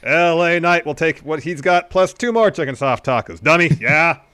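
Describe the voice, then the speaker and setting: A man voicing a brash, loudmouthed male wrestler who barks orders and calls people dummy. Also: on the high side, normal speed, clear, resonant tone, no room sound, voice pushed up. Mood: brash, bossy. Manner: loud, barking, calls everyone dummy.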